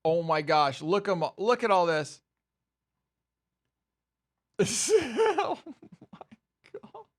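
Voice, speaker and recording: A young man livestreaming, reacting to market swings with swearing, laughter and excited exclamations. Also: high-pitched, very slow. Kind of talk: excited live stream commentary.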